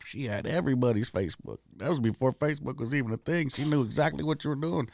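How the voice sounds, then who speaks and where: A man's voice: medium pitch, fast, gravelly, darkish tone, slight background noise. A man, a comedian, talking candidly as a podcast guest in a recording studio, telling blunt, profane stories.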